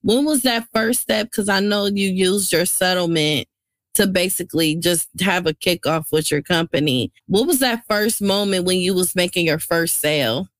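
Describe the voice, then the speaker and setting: A woman hosting a podcast interview, responding warmly and reflecting on prayer and faith. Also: fairly low pitch, moderate pace, no room sound, studio quality. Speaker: podcast host.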